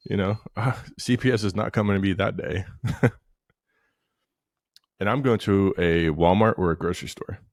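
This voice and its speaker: A man in his thirties co-hosting a podcast, telling stories in profane, rambling, animated casual banter. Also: low voice, moderate pace, pauses often, dry recording, clean studio sound. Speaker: podcast co-host.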